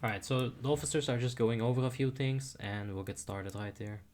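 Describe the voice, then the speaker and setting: A man's voice: medium pitch, steady tone, brisk, darkish tone, slight background noise. A young man giving casual commentary while playing a game, chatty and self-deprecating, muttering asides to himself. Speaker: streamer.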